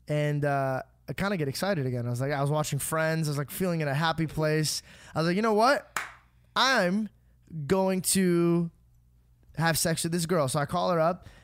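A young man on a podcast tells a personal story in an animated, casual way, swearing often and acting out the lines of the people in it. His voice sits a little high for a man. It is recorded close and dry, with no room sound. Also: fairly quick, no room sound. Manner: animated, swears freely, acts out quotes. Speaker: podcast host.

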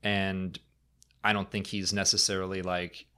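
A man co-hosts a casual fan podcast with a somewhat low voice. He answers listener questions at length and breaks into quick, jokey impressions. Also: smooth. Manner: animated, jumps into funny impressions. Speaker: podcast co-host.

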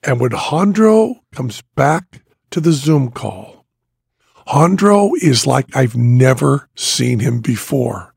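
Gravelly husky man telling a story. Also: medium pitch, slow pace, dry recording, studio quality. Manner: animated, laughs while telling stories. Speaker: podcast host. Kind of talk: casual storytelling chat.

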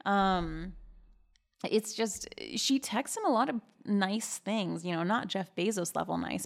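A woman's voice: mid-range voice, animated, takes it slowly, vocal fry. A woman hosting a podcast in a casual, chatty gossip style, giggling and reacting with big, exaggerated disbelief. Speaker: podcast host.

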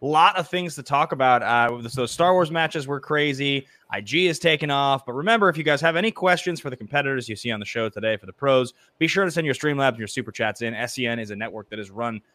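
Bright-voiced upbeat male podcast host. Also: medium pitch, dry recording. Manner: upbeat, quick hype-style intros. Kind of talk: casual podcast chat.

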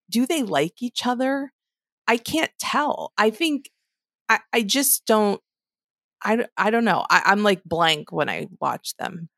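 A woman co-hosting a podcast in casual chat, halting and hesitant, animated when retelling scenes. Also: mid-range voice, dry recording, studio quality. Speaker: podcast co-host.

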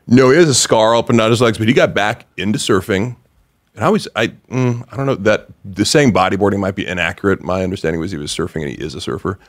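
Deep-voiced man telling a story. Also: fast. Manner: rambling, hesitant, many fillers. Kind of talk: casual storytelling.

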